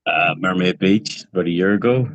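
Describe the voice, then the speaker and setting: A man's voice: sits low, moderate pace, dry recording, dull audio. A man calling in to a live mentorship video call, asking plain, direct questions about his property loans. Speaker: caller asking for advice.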